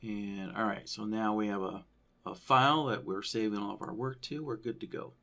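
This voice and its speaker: A man walking through a trading-software tutorial on a screen share, thinking aloud and checking in with "right?" as he goes. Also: fairly low pitch, steady tone, normal speed, gravelly. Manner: loose, thinking aloud, frequent "right?" tags. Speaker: software trainer.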